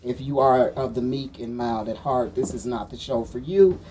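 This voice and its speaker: A woman's voice: rumbling low, steady tone, normal speed, mellow, a little hiss or hum, rough recording. A woman co-hosting a casual talk show who speaks bluntly and teases her partner. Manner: blunt, teasing. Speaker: co-host. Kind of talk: casual chat.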